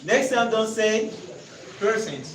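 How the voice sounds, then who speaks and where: A man's voice: high-pitched, animated, measured pace, background noise. A man acting as an English teacher, questioning a student and patiently correcting his pronunciation. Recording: echoey room from far off with crowd.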